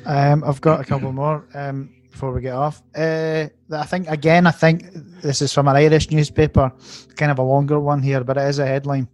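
Guy slightly higher voice, deadpan reading out silly headlines, faint music behind. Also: fairly quick, no echo. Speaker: podcast co-host reading tabloid headlines. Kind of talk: casual banter.

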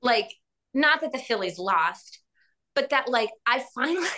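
Bright, higher-pitched chatty woman. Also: slow, pauses often. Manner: rambling and animated, many fillers and frequent laughs. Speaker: podcast host. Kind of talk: casual chat.

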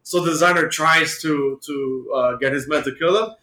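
Podcast co-host, male, higher-pitched, rambling casual retelling, roomy echo. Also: moderate pace, sharp tone. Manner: rambling, many fillers like "like" and "uh". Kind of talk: casual chat retelling a comic plot.

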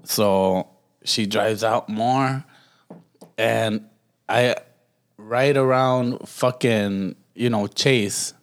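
A man's voice: on the low side, very slow, pauses often. A man co-hosting a podcast, telling a story in casual chat, laid-back and swearing freely, often laughing at himself. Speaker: podcast co-host.

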